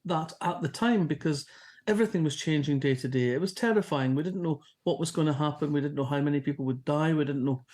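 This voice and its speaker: A woman with a softened Fife Scottish accent, talking as a guest in a relaxed interview. She tells anecdotes in a chatty, storytelling way, pausing and restarting as she thinks. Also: deep voice. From Scotland. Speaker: novelist guest. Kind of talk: casual interview chat.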